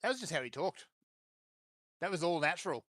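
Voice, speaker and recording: A man's voice: fairly high pitch, lively intonation, brisk, a bit bright, dry recording. A man, chatting casually as a podcast co-host, easygoing and plainspoken. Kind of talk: casual chat.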